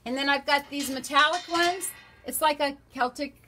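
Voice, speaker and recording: Chatty high-voiced woman selling. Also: moderate pace, bright, forceful tone, faint music behind. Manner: chatty, reads out item codes and prices. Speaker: shop host presenting products. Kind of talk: live shopping stream.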